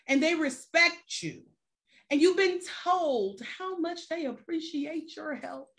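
A woman's voice: high-pitched, a bit bright. A woman life coach on a live stream who talks straight to her viewers with casual slang and rhetorical questions.

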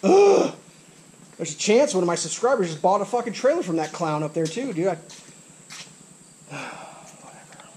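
A man's voice: high-pitched, lively intonation, fast, few pauses, a little mellow, slight background noise. A man ranting to camera as a vlogger, frustrated, swearing often and repeating himself, recorded outdoors. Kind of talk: angry rant to camera. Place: outdoors by a trailer.

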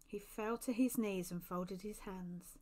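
Woman storyteller, expressive read-aloud, middle pitch. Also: unhurried. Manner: expressive, lively storybook reading. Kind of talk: reading a children's book aloud.

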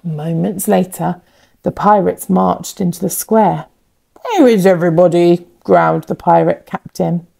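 A woman reads a children's storybook aloud, her voice warm and a little gravelly. She takes it slowly and lets her pitch rise and fall widely as she builds suspense. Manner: expressive, builds suspense with repetition. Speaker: teacher reading a picture book aloud.

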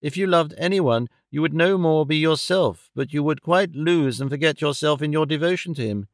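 A man reading an audiobook voices a gentle, timid young woman who speaks mildly and anxiously. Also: a little high, moderate pace, no echo, studio quality, pitched above the performer's own voice, natural voice. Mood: pleading. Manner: mild, soft, anxious.

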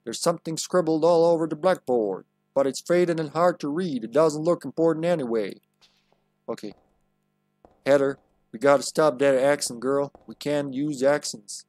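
A man's voice: on the high side, normal speed, darkish tone, dry recording, faint music behind. A man streaming a video game live, rambling and making joking asides. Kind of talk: live let's-play commentary.

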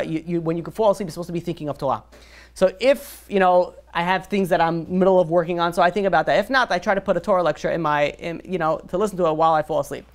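A man who is a rabbi, telling a story in a lively sermon to a group, full of "you know" fillers and restarts. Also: on the high side.

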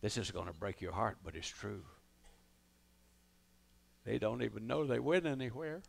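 A man's voice: lowish voice, moderate pace, gravelly. An older man doing live stand-up storytelling on stage, folksy and rambling, with drawling asides to the audience. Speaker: comedian and musician on stage.

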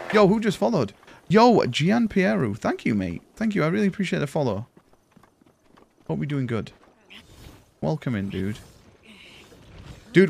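A young man, chatting excitably and swearing as he streams a video game and thanks viewers. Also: high-pitched, vocal fry. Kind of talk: live gameplay commentary.

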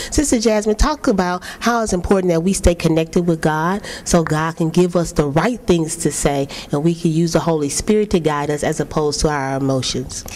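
A woman's voice: on the low side, darkish tone. A woman hosting a church talk show, asking her panel questions and answering them with frequent amens.

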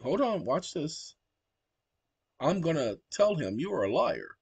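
A lively man talks through his screen share at his computer and speaks commands aloud to a voice assistant. His voice sits fairly high for a man, and the recording is close and dry with no room echo. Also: a little slow, creaky, breathy edge. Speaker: channel host. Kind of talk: casual screen-share commentary.

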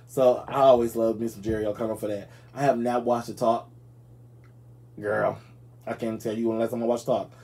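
A man hosting a casual gossip commentary show, chatty and animated, talking straight to his viewers and yawning now and then. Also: medium pitch. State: yawning, tired. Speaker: show host.

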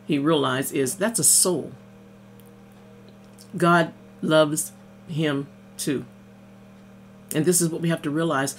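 A woman's voice: low-pitched, slight background noise. Woman preaching casually, full of amens. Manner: conversational, punctuates thoughts with amen and hallelujah; reads scripture aloud, then explains it in plain words. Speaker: minister. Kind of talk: casual devotional sermon over morning coffee.

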